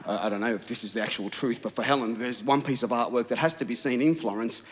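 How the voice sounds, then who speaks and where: A man's voice: medium pitch, fast talker. A man, a pastor, preaching a sermon in a church with humorous, self-mocking storytelling. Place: church auditorium. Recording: long hall reverb.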